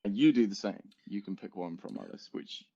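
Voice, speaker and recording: A young man with a lowish voice chats his way through a podcast, rambling and laughing as he goes. The recording is dull and lo-fi, like a home setup. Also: a little fast, warm tone, breathy edge. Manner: rambling, laughs often, chatty. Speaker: podcast co-host. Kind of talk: casual chat.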